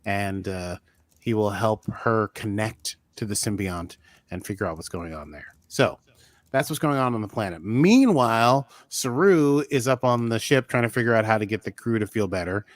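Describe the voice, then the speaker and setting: A man co-hosting a podcast, recapping an episode in a chatty, joking way with sudden jumps in pitch. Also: lively intonation, normal speed, no echo. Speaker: podcast co-host.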